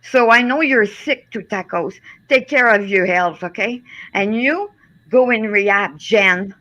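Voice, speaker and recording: A woman's voice: medium pitch, measured pace, pushed and bright, low-quality recording. A middle-aged woman with a French Canadian accent, ranting angrily on a live stream, swearing and tagging "okay?" onto her sentences. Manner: heated, swearing, repeats "okay?". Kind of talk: angry rant in a live chat.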